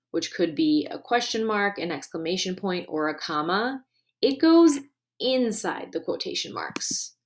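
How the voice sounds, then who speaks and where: A woman teacher giving a recorded grammar lesson, clear and deliberate, stressing key words. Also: mid-range voice.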